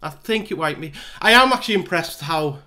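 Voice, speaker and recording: A man's voice: on the high side, animated, fairly quick, bright, forceful tone. A man giving casual, self-mocking play-by-play commentary over a football management game. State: out of breath. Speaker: gaming YouTuber.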